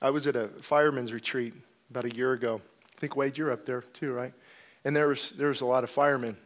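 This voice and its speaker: A man preaching an impassioned sermon as a pastor, rising to loud outbursts and dropping to low, intense stretches. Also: fairly even intonation, quick pace.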